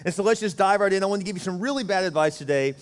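A man's voice: high-pitched, very fast. A man pastor giving a conversational, joking sermon full of rhetorical questions. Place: church sanctuary. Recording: church hall reverb.

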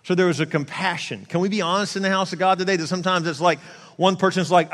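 A man's voice: high voice, steady tone, quick pace, a bit bright. A man preaching a sermon in a casual, conversational way, often restarting and acting out quotes in asides. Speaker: pastor. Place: large church hall. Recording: long hall reverb.

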